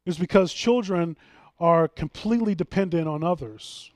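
Fairly high-voiced man preaching earnestly. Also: moderate pace, a little mellow, dry recording, clean studio sound. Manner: earnest, emphatic preaching with frequent restarts. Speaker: pastor. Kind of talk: sermon.

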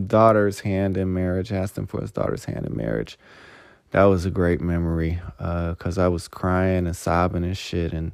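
Man, podcast host, casual rambling monologue, profane, says "man" constantly, heartfelt, lowish voice, dry sound. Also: gravelly, darkish tone, no echo. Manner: profane, peppers every phrase with "man"; heartfelt, gets choked up.

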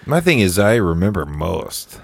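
Deep voiced guy on a podcast, matter of fact, dry sound. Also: very animated, measured pace, gravelly, dry recording. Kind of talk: casual chat.

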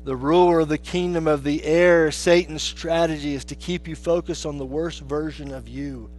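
A man preaching a sermon as pastor, swinging between hushed, low lines and raised, emphatic ones. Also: steady tone, moderate pace.

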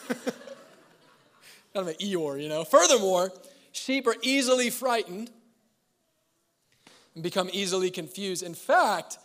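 A man preaching a sermon as pastor, mixing scripture with joking asides and laughter, swinging between loud emphasis and quiet, slow lines. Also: sits high. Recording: long hall reverb.

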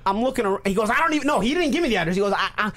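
A man, telling a profane, animated story as podcast co-host and acting out quotes. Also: high-pitched, very fast. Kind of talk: casual storytelling.

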